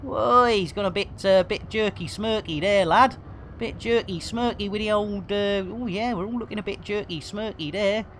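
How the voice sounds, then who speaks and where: A man's voice: high voice, normal speed, fairly bright tone, slight background noise. A man giving live, joke-filled commentary while streaming a game, full of puns and cheeky wordplay.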